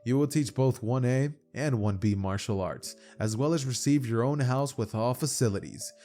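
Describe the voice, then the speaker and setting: A man's voice: medium pitch, moderate pace, warm tone, soft background music, lightly acted. Nezu, a man voicing a genial animal principal.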